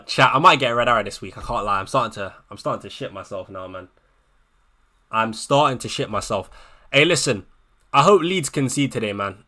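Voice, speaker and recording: Streaming live, a fantasy football streamer with a medium-pitched, pushed and bright voice goes over things with his viewers. He sounds anxious, swears and repeats himself.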